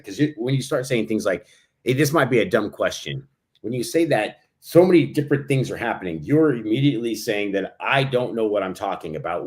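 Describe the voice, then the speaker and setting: A man co-hosting a podcast, explaining advice in a calm, coaching way. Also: on the low side. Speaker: podcast co-host and consultant trainer. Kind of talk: casual podcast chat.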